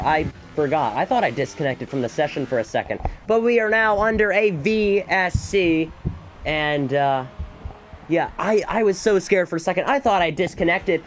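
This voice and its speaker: A man doing solo live commentary on an esports race, excitable and a bit out of breath, with chatty asides between the action. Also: high voice, slight background noise. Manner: excitable, rising to shouts in battles, chatty asides.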